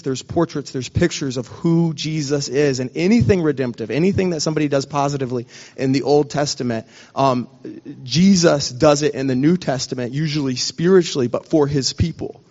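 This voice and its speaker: Guy preaching all fired up, kinda choked up, muffled lo-fi audio, bit high voice. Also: darkish tone, in a large hall. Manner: passionate, emotional, trying not to cry. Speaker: pastor. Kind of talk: sermon.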